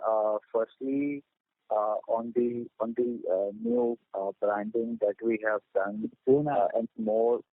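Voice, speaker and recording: A man's voice: mid-range voice, no echo. A male analyst on an earnings conference call, asking his questions hesitantly with many fillers. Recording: dry tinny phone line.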